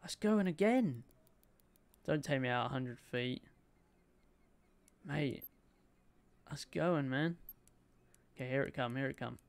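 A young man streaming a game, commentating excitedly and chatting to his viewers. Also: medium pitch, takes it slowly, gravelly, long pauses, smooth. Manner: excitable, chatty, talks to his chat, swears lightly. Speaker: gaming streamer.

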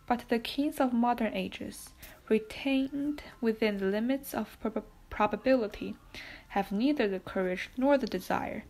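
Softly whispering woman reading a classic novel. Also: on the high side, creaky. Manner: soft, hushed, slow and even. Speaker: audiobook narrator.

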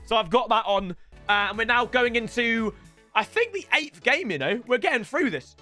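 Excitable young gamer, high and bright. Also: male voice, moderate pace, faint music behind. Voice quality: loud shouting outbursts and laughing banter. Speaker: gaming YouTuber. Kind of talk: excitable gameplay commentary.

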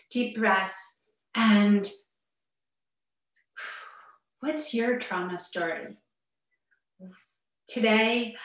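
A therapist speaking earnestly and personally to parents in an online talk, with muttered asides, heard over a video call. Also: female voice, mid-range voice. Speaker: therapist giving a parenting webinar. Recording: echoey room, far from the mic.

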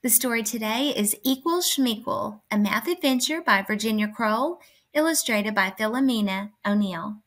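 A woman narrating a children's picture book aloud, clear and expressive. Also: on the high side, moderate pace. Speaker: storyteller.

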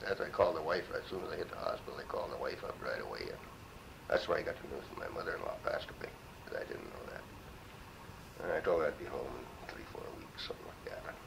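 A man's voice: rumbling low, fast talker, vocal fry, background noise. A man in his seventies from Minnesota, a war veteran telling his story in an oral history interview, salty and full of cursing. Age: 70s. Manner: salty, profane, animated storyteller.

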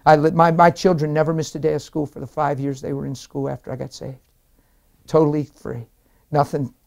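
A man's voice: a little high, brisk, gravelly. Emphatic male preacher giving testimony. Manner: emphatic, excitable storytelling. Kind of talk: testimony in an interview.

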